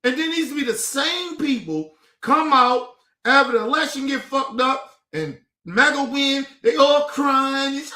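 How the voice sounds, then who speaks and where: A man ranting profanely and with exasperation in casual political commentary, now and then breaking into shouts. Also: very high voice, a little slow, roomy sound.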